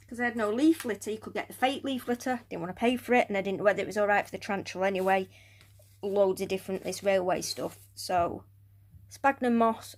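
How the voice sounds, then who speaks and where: A chatty woman talks through a fiddly craft build in a loose, rambling way. She keeps drifting off mid-sentence into quiet muttering and near-whispers while her hands are busy, then comes back up to normal talk. Her pitch sits in a middle range for a woman. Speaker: hobbyist building a tarantula enclosure. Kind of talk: casual crafting vlog narration.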